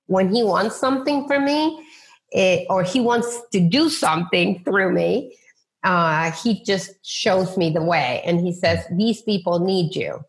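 A woman's voice: medium pitch, unhurried. A middle-aged woman, a real estate agent, telling faith stories in an interview, acting out quoted voices with many restarts. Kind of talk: faith-centered interview storytelling.

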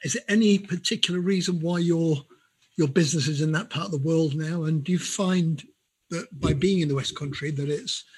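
Man, podcast host, husky, a bit high, easygoing questions. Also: brisk, darkish tone. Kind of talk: podcast interview.

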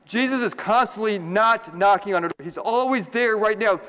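A man's voice: high voice, moderate pace, pushed and bright, big-room sound. A man, a priest, giving a homily in a conversational, joking way and asking the congregation questions.

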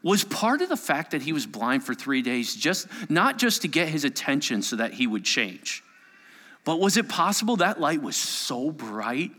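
Playful preacher with a bright voice. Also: male voice, on the high side, moderate pace. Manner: animated, playful, acts out voices and sound effects. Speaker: pastor. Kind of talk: sermon with personal storytelling. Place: church sanctuary with live audience. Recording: long reverb of a large hall.

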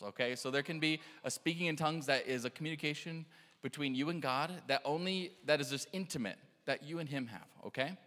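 A man preaching an animated sermon, telling stories, acting out quotes and laughing often. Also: on the high side, long reverb tail. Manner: excitable, laughing, acts out quotes. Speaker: pastor.

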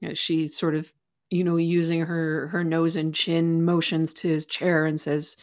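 Woman in a tabletop game, low voice, lots of um and like. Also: little pitch movement, a little slow. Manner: rambling, many fillers. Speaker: player.

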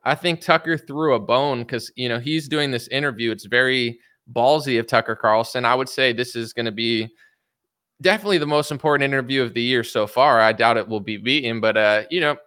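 A man's voice: medium pitch, brisk, bright, forceful tone, clean tone, no echo, studio quality. A man commenting in an opinionated, rambling vlog style, often adding filler words and mocking the voices of media and politicians. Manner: rambling, opinionated, frequent "like" and "you know".

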